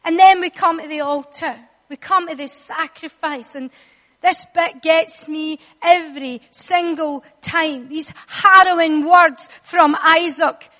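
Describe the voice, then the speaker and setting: A woman preaching a sermon, telling the story dramatically and acting out the voices, rising at times to shouts. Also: very high-pitched, slow. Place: church hall. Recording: long reverb of a large hall.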